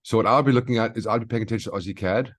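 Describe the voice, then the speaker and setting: This market analyst host speaks very fast in a fairly low-pitched voice. Running his daily market brief, he walks through price charts live in a relaxed, instructive manner, frequently asking "okay?".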